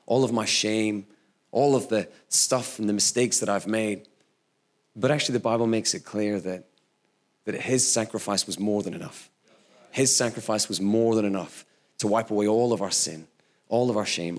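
Guy preaching, chatty storytelling sermon, laughs now and then. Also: lowish voice. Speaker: pastor.

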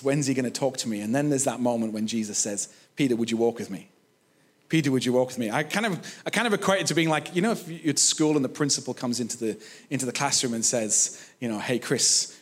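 A man preaching a sermon, retelling a story in a reflective way, with frequent pauses and restarts. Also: a little high.

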